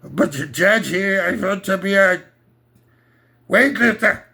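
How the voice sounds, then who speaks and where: A man's voice: high-pitched, slow, vocal fry, sharp tone, slightly rough, full character voice. A man voicing an eager, earnest young son who boasts about his plans.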